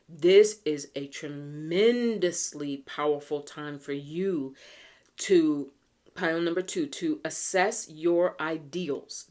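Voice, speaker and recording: With a deep, darkish voice, an American tarot reader works through a pick-a-card reading in a chatty, earnest way. She takes it slower when reading the cards aloud and keeps clearing a tickly throat.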